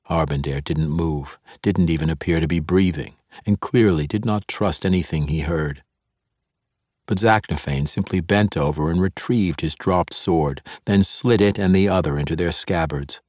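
Deep-voiced man narrating fantasy. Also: normal speed, darkish tone, no echo, clean studio sound. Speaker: audiobook narrator.

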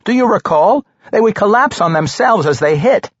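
A man voicing an excitable, clever little male halfling in an audiobook, with a frantic, high-strung delivery. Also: normal speed, slightly rough, dry recording. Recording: slightly dull recording.

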